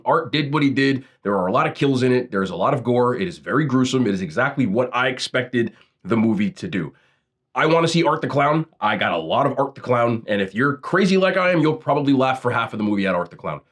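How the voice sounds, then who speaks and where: A man talks through a casual food review, blunt and loose with his swearing as he scores each sandwich. His voice sits at an ordinary middle pitch. The sound is close and dry, with no room around it. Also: a bit bright, no echo. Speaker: food vlogger.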